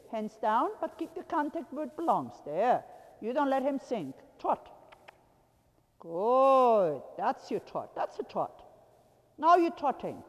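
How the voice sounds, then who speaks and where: A woman coaching a rider, calling out short repeated commands and laughing now and then. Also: sits high. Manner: commanding, repetitive short calls, occasional laughs. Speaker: riding instructor. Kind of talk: coaching a rider from the arena floor. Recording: long hall reverb.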